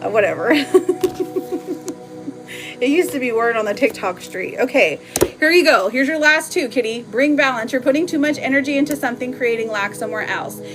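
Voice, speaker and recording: A woman's voice: on the high side, fairly quick, music in the background. A woman hosting a live oracle card reading, chatty and playful, laughing often as she reads for viewers. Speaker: live tarot reader.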